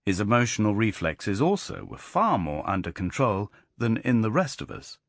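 A man narrating a literary audiobook in a measured, expressive storytelling manner. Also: on the low side, gravelly, no echo, clean studio sound.

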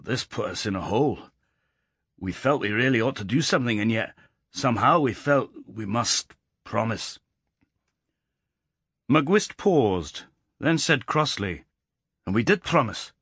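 A man reading a story aloud as an audiobook, expressive and voicing the characters in dialogue. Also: mid-range voice, a little slow, pauses often, husky, no room sound, clean studio sound. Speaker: audiobook narrator. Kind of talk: storytelling narration.

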